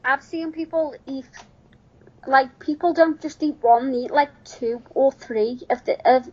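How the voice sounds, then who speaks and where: A woman's voice: high voice, a little slow, a little mellow. A woman co-hosting a podcast, trading dry, sardonic retorts in casual chat. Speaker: podcast co-host. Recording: dull lo-fi podcast audio.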